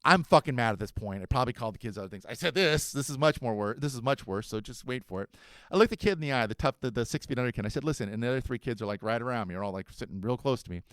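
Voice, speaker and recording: Profane, animated man in his forties. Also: medium pitch, very fast, clear, resonant tone, no room sound. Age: 40s. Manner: profane, animated and self-mocking. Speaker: podcast host. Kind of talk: casual storytelling.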